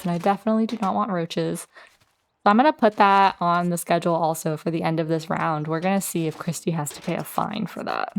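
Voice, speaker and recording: A woman hosting a casual let's play, chatting through her gameplay and talking straight to her game characters. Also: lowish voice.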